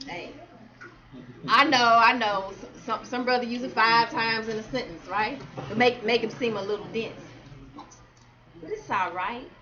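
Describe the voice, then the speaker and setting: Her voice on the high side and a little slow, a woman delivers spoken word poetry at a community celebration event hall. She keeps a rhythmic beat and calls out to the crowd for responses, while the audio lacks high frequencies.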